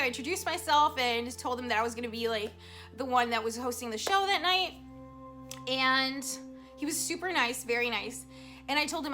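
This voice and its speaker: Woman, high voice, animated, chatty storyteller, faint background music. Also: brisk. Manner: animated, chatty, emotional storyteller with many fillers. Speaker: psychic vlogger. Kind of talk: casual storytelling to camera. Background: soft background music.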